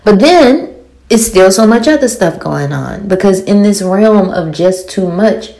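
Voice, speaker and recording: A woman in her forties with a thick Louisiana accent, giving a blunt, animated, swearing recap of a TV episode full of rhetorical questions. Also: medium pitch, a little slow. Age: 40s. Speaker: TV show reviewer. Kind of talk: casual episode recap and commentary.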